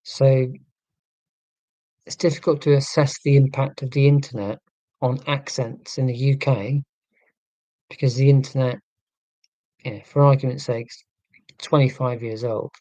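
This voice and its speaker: A man's voice: mid-range voice, fairly even intonation, a little slow, pauses often, dark tone, dry recording, poor audio. A man from southern England hosting a casual live stream, reading chat and musing in a tangential, self-deprecating way. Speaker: livestream host reading chat.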